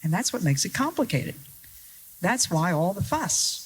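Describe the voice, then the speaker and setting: A woman preaching a sermon to an audience, earnest and deliberate, with wry rhetorical questions and stressed key words. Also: on the low side, very animated, breathy edge, low-quality recording. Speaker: Christian speaker.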